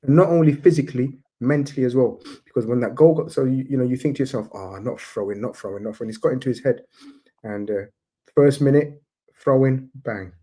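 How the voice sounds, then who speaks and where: Mellow-voiced young man talking football. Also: medium pitch, a little fast, low-quality recording. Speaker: football pundit and Liverpool fan. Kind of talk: casual football debate.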